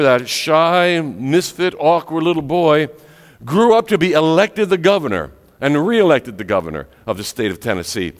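A male pastor preaching in a church sanctuary, his voice swinging widely and sitting a bit high for a man. He slows down for dramatic pauses and drops almost to a whisper on key words, and a long reverb tail trails each line through the hall. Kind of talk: sermon storytelling.

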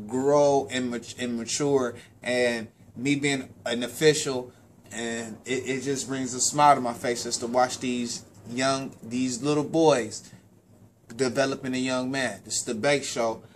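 A man hosting a local sports talk show, who is also a parent and a sports official. He gives casual, animated shout-outs, repeats words and stumbles on names. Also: mid-range voice, measured pace, slight background noise.

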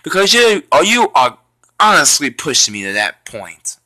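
A young man giving raging, profane commentary on his own gameplay as a YouTuber, yelling and cursing in frustration. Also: on the high side, very animated, moderate pace, dry recording. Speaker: gaming YouTuber.

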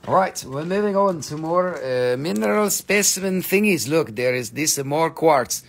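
Gravelly joking man hosting a sale. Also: on the high side, expressive, normal speed. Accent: American. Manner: joking, profane, rambling while showing stones. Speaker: crystal shop live-sale host. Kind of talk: casual live-stream sales chat.

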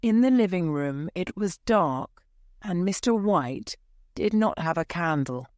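Female storyteller; measured, clear reading at an unhurried pace, low register. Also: expressive, a little mellow, dry recording, studio quality. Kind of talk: scripted story narration for English learners.

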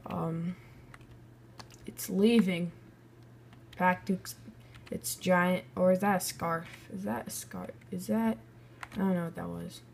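Young female gaming creator, unhurried and blunt, judging builds with faint noise underneath. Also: lowish voice, vocal fry, a little mellow. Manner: chatty, blunt rating of builds. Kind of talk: casual game commentary.

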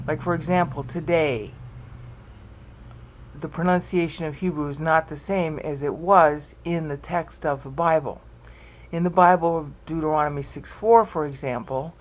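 Slow, deliberate man explaining step by step. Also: a little high, rough recording. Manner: deliberate, checks in with the listener often. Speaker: Bible study presenter. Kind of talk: explanatory video lecture.

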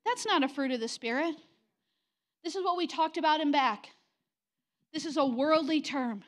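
Woman pastor, middle-aged, high voice, blunt confrontational sermon delivery in a church. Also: normal speed, long pauses. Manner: direct, confrontational preaching with mocking quoted voices. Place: church sanctuary.

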